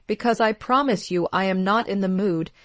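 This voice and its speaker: A woman's voice: medium pitch, moderate pace, a bit bright, no echo, lightly acted. Snappish, sneering adult sister who expects money, read by a woman narrator, dry close sound. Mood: snide. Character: mocking entitled adult sister, demanding.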